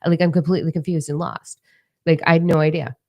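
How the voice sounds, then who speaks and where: A woman's voice: sits low, steady tone, quick pace, warm tone. A middle-aged woman giving a candid motivational monologue, blunt and profane, driving her points home by repeating words. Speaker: motivational speaker.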